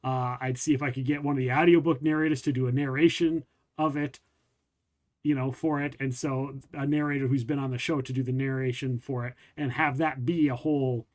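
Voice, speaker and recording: A man's voice: mid-range voice, steady tone, a little fast. A man hosting a podcast, chatting casually in a rambling, self-deprecating, jokey way. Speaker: podcast host. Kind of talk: casual chat.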